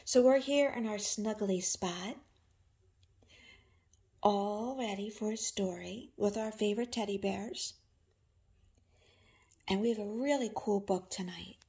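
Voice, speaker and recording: A woman reading a picture book aloud in a gentle, cozy way from a snug spot at home, speaking to her dog. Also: medium pitch, a little slow, pauses often. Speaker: storybook reader.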